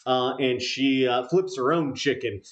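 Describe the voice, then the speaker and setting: Halting man narrating a tabletop game. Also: medium pitch, lo-fi sound. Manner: halting, full of fillers. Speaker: game master.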